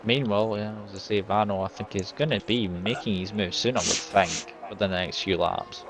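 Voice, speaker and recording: Lower-voiced casual male co-commentator. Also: fairly quick, background noise. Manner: casual, rambling, second-guessing himself. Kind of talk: sim racing commentary.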